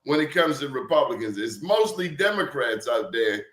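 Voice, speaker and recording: A man's voice: mid-range voice, expressive, normal speed, fairly bright tone. A man moderating a political roundtable, asking probing, teasing questions. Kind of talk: political discussion. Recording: roomy echo.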